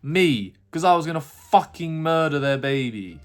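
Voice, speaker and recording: A man's voice: a little high, lively intonation, moderate pace, soft background music. A man telling an exasperated, sweary rant in a casual vlog monologue. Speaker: YouTuber.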